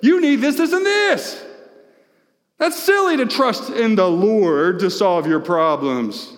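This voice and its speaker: A preacher acting out scornful male doubters who mock faith, in a shrill, mocking voice. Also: animated, slow, big-room sound. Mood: scoffing.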